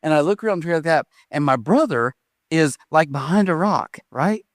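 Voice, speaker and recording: Animated man telling a sermon story. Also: on the high side, normal speed, no echo, clean studio sound. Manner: animated storytelling, rhetorical questions. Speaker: pastor.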